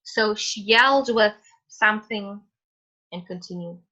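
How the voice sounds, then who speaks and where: Bright-voiced woman teaching an online class. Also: mid-range voice, measured pace, highs cut off. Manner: encouraging, calls on students by name. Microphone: video call.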